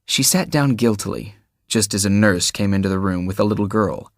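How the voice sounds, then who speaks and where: Reading from a script, a male narrator delivers an audiobook in an even, deliberate storytelling manner. The mic is close, the sound is echo-free, and his pitch sits fairly low.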